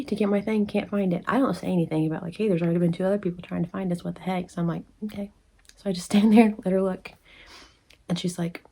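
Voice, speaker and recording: A woman's voice: fairly even intonation, a little fast, mellow. A woman telling a casual storytime to the camera, chatty and acting out the people she quotes. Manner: chatty, acts out quoted people with pitch jumps. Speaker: crochet vlogger. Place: indoors at home, rain outside.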